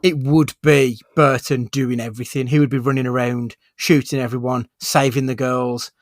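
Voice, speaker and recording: Male podcast co-host, mid-pitch, dry close sound, easygoing film-review chat. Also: normal speed, dry recording. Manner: relaxed, leads the rating categories.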